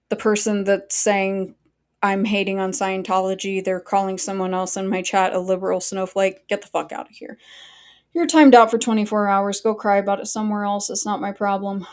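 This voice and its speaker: A woman's voice: mid-range voice, level tone, moderate pace, a little mellow. Blunt, profane woman live-streamer. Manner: blunt and profane, talks straight to chat; chatty asides and frequent fillers. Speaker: livestream host. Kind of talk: casual live-stream commentary.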